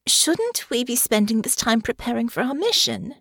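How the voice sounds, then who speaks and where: A woman voicing a sharp, indignant young noblewoman. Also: a little high, very animated, normal speed, creaky, no echo, clean studio sound, pitched above the performer's own voice, exaggerated voice.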